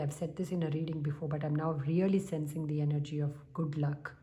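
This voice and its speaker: Woman, tarot reader, low mellow voice, calm, unhurried, soft humming pauses. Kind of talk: spiritual tarot reading to viewers.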